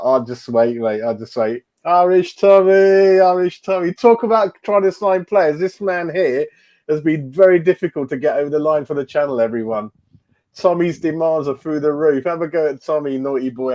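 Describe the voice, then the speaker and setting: A middle-aged man runs a casual fan livestream, chatting along, greeting viewers by name and often repeating his words. His voice is mid-range and a little mellow.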